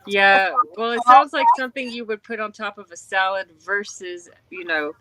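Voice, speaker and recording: A woman's voice: medium pitch, moderate pace, a bit bright, no echo, low-quality recording. A woman hosting a casual live stream chat, reading odd posts aloud with dry asides.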